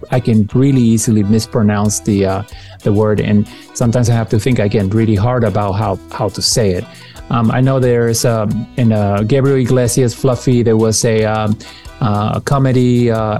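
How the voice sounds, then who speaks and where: A man, a native Spanish speaker with a slight Spanish accent, in casual podcast chat, thoughtful and halting with many restarts. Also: mid-range voice, dark tone. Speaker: podcast co-host.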